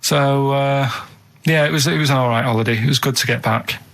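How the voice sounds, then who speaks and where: A man in his thirties chatting on a radio show, telling stories in a blunt, deadpan way from a studio. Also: mid-range voice, fairly quick. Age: 30s. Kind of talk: casual radio chat.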